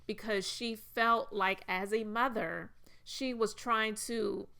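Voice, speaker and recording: A woman's voice: mid-range voice, steady tone, takes it slowly, gravelly, bright, forceful tone. A woman giving a casual commentary monologue, talking in an earnest, emotional and personal way.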